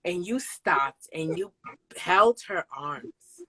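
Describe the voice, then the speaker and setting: A woman's voice: on the low side, a little slow, low-quality recording. A woman hosting a casual interview chat, effusive and emphatic, laughing often as she talks to her sister. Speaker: host.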